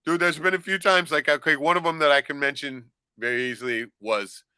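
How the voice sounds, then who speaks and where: A man's voice: fairly high pitch, a little fast, clear, resonant tone, no room sound. A man chatting casually as a podcast host, swearing freely and breaking into laughter as he tells stories. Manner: animated, profane, laughs often. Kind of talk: casual chat.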